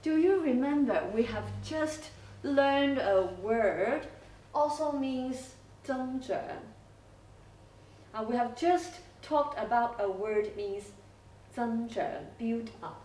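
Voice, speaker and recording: A woman teacher talks through an English lesson at an unhurried, deliberate pace, checking in with her class after each point. Her fairly high voice comes from a distance in an echoey classroom, with faint room noise behind it. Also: darkish tone. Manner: slow, explanatory, checks in with frequent okay. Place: school classroom.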